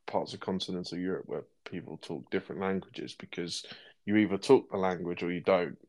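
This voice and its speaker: A man's voice: deep voice, darkish tone. A man with an Estuary English accent, co-hosting a podcast in casual chat, dry and self-mocking, with frequent ums and restarts. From England, Thames estuary area. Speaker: podcast co-host.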